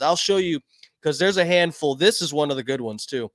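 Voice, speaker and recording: Male host, casual and swearing, fairly high voice, dry close sound. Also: fairly quick, dry recording. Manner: laid-back, swears a lot, laughs along. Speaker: stream host. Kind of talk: casual chat.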